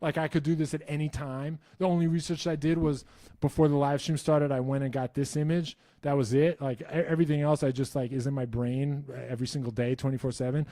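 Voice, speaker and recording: A man's voice: a little high, steady tone, a little fast, mellow, no room sound. Rambling, wry man on a dry mic. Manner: rambling, self-interrupting, laughs often; wry and enthusiastic. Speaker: channel host answering viewer questions. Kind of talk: casual live stream chat.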